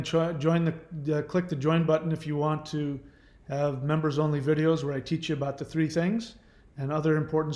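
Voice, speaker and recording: A man talks casually to his viewers, wandering from point to point with fillers and quick corrections. His voice sits a little high. The room around him rings with a noticeable echo. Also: darkish tone. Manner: rambling, trivia-filled, with many fillers and self-corrections. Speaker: channel host. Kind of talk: casual live-stream chat.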